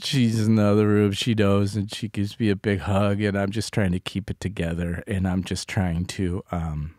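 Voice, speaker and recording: A man co-hosting a podcast, telling a painful personal story in a halting way, often restarting and dropping his voice low. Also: level tone, no echo, clean studio sound. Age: adult parent of a small child. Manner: halting, restarts sentences, drops to soft tones. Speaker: podcast co-host.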